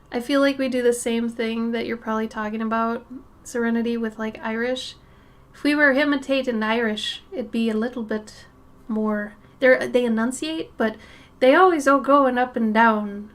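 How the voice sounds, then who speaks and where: A woman chatting casually as she draws on a live stream, thinking aloud, answering chat and sometimes dropping to a soft murmur. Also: fairly high pitch. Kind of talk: casual chat while drawing.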